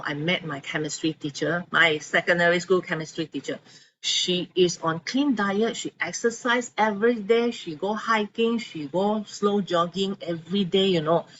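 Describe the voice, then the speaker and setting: A woman giving an animated testimonial talk to an audience, acting out the people she quotes. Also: lowish voice, dull audio, slight background noise. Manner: animated storyteller, acts out quotes.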